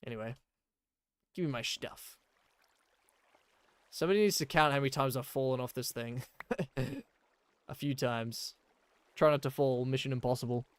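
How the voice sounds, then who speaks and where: A man's voice: mid-range voice, moderate pace, pauses often, smooth, dry recording. A man chatting casually and rambling while playing a game on a live stream, with many fillers.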